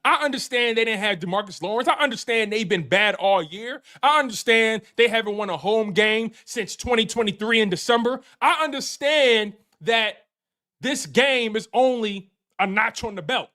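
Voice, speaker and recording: A high, bouncing man's voice with a Philadelphia accent rides the celebration after a win, hyped and slangy and quick to laugh. He circles back on his own phrases and talks straight to his live audience as the show's host. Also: lively intonation, sharp tone. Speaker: sports show host. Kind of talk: excited live post-game rant.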